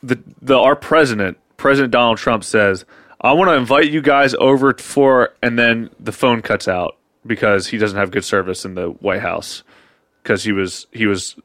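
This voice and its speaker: A man's voice: lowish voice, normal speed, no room sound, clean studio sound. Profane man spinning improvised comic tales. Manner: animated, profane, acts out quoted voices in his stories. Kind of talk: casual comedic chat, improvised storytelling.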